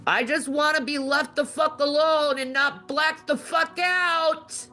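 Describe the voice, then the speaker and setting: A woman's voice: sits high, fairly even intonation, takes it slowly, pushed and bright, soft background music. A woman on a livestream clip, complaining defensively about people she says are after her.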